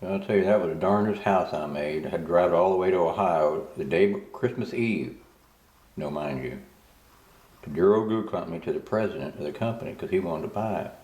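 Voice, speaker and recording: An older man with a very low, deep voice spins a rambling, folksy story, full of asides. His voice sounds roomy and echoing, as if he were in a bare room. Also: brisk, a little mellow. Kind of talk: casual spoken story, voice-over. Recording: roomy echo.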